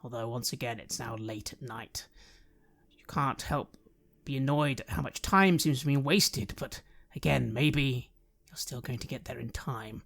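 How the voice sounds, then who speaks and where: A man narrating a tabletop role-playing game as game master, measured and descriptive. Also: mid-range voice, vocal fry, fairly bright tone.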